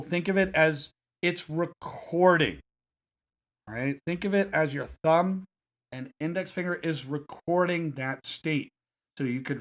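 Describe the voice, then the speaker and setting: A man guiding listeners through a self-help technique in a calm, repetitive coaching cadence. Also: a little high. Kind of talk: guided self-help instruction.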